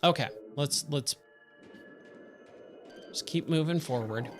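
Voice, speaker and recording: A man's voice: on the high side, slow, soft background music. A man with a Californian accent giving casual let's-play commentary, chatting and exclaiming at the game in surfer slang. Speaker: streamer; trainer at day job.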